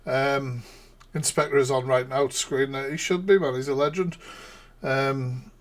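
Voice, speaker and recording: A man's voice: medium pitch, fairly even intonation, unhurried. Give me a man rambling through live reaction chat. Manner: rambling, laughing, sarcastic asides. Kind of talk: casual live-stream commentary.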